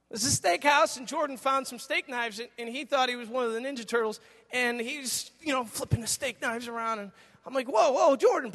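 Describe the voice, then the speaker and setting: A middle-aged man preaching a sermon as a pastor, an animated storyteller who acts out dialogue. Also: very high voice. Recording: long reverb of a large hall.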